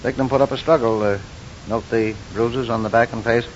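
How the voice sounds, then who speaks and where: An actor playing a medical examiner in an old radio drama, clipped and matter-of-fact. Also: male voice, fairly even intonation, a little fast, close to an everyday voice. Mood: clinical. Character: dry, clinical medical examiner, male. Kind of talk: 1940s radio acting. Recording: dull old radio recording with rumble.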